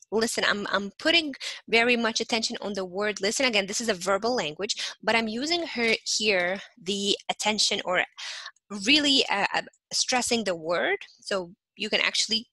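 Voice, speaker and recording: Bright-voiced woman giving a lecture. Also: a little high, normal speed, no room sound, poor audio. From not from Canada. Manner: repeats "again" and restarts often, acts out short examples. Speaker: instructor. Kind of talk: recorded lecture.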